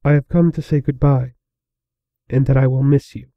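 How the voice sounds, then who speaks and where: Man reading as an age-old royal princess, calm and formal, dull dry sound. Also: medium pitch, moderate pace, no echo, natural voice. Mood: solemn. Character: ancient, regal, composed female princess.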